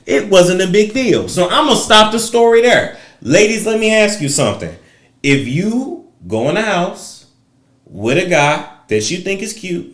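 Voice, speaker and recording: A man's voice: on the high side, reverberant. A man hosting a casual celebrity gossip livestream, talking straight to his viewers and giving his opinions. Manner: conversational, opinionated, addresses viewers directly.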